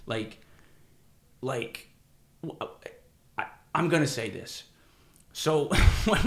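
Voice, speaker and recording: A man hosting a podcast in loose, profane chat, drifting off-topic and laughing along. His voice sits at an ordinary middle pitch for a man. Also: roomy sound. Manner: rambling, profane, laughing often. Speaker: podcast host. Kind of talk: casual chat.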